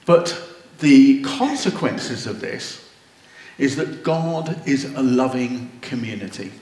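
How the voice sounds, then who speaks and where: A man delivers a sermon at an unhurried pace, in a voice of ordinary middle pitch. He talks earnestly and climbs into wondering exclamations. The sound is roomy and echoing. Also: big pitch swings, a little mellow. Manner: slow and earnest, rising to exclamations. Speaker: preacher. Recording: roomy echo.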